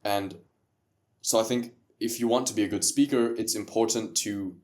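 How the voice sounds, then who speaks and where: A man's voice: fairly low pitch, fairly even intonation, moderate pace, darkish tone. Man explaining with firm emphasis. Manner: explanatory, stresses words to make a point. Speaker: guest. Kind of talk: casual podcast conversation.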